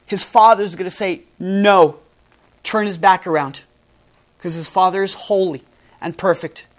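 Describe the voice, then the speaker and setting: A woman's voice: fairly low pitch, moderate pace. A woman pastor preaching a sermon in an earnest, emphatic way, stressing and spelling out key words.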